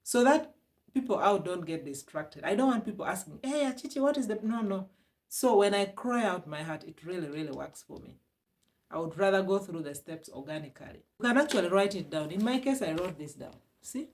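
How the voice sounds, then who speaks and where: A woman's voice: fairly low pitch, expressive, a little fast. A woman from Uganda with a Ugandan English accent, giving emphatic, repetitive self-help advice on healing after divorce as a vlogger. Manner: emphatic and repetitive, with sudden loud bursts and laughs. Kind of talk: motivational self-help talk.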